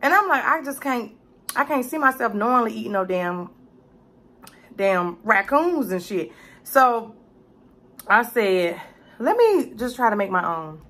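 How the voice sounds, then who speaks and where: A cooking vlogger does a casual mukbang, loud, salty and profane, chatting away and calling the viewer "baby." Her voice is fairly high with lively intonation, and she speaks at a measured pace with long pauses.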